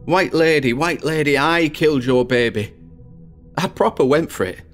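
A man's voice: mid-range voice, lively intonation, moderate pace, soft background music, lightly acted. A man playing a boastful teenage boy who tells a ghost story and builds suspense. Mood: spooky.

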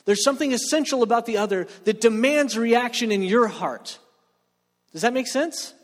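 A man's voice: very high voice, moderate pace. A man preaching a joking sermon, talking with the room and asking for reactions. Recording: long hall reverb.

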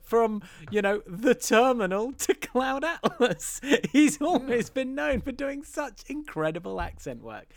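Animated, laughing film podcast co-host. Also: medium pitch, unhurried, creaky, hardly any pauses. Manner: animated, laughing, swears casually. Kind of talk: casual film review chat.

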